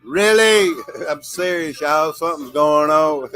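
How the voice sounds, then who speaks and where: A man's voice, on the high side, a bit bright and smooth, comes at a slow pace over faint music. He's hosting a casual livestream, drawling to viewers, laughing often and saying "y'all" over and over.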